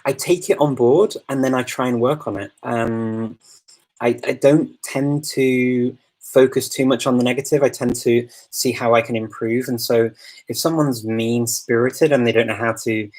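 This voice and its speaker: A man's voice: mid-range voice, fairly even intonation, moderate pace, darkish tone, rough recording. A man from the United Kingdom hosting a live Q&A, answering viewer questions in a thoughtful, upbeat, casual way. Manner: thoughtful and upbeat, calls himself a positive person. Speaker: host of a live Q&A.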